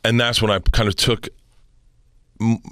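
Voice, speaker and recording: A man's voice: lowish voice, flat delivery, a little slow, sharp tone, dry recording, studio quality. A middle-aged man from Florida, a touring comedian telling a personal story as a guest in casual, profane, rambling chat.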